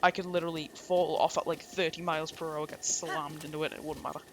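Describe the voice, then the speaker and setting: A man's voice: fairly high pitch, level tone, fast, slight background noise. A man with an English accent giving casual, rambling, jokey commentary over a game playthrough. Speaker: gameplay streamer. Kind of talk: casual let's-play commentary.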